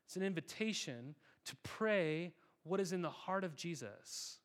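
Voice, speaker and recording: A man's voice: a little high, expressive, unhurried. A male pastor giving a sermon in a conversational, emphatic way, often repeating words.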